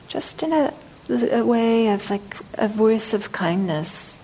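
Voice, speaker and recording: A woman meditation teacher giving a dharma talk, speaking gently and reflectively, sometimes dropping to a soft near-whisper. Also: on the high side, slow pace, a little hiss or hum, poor audio.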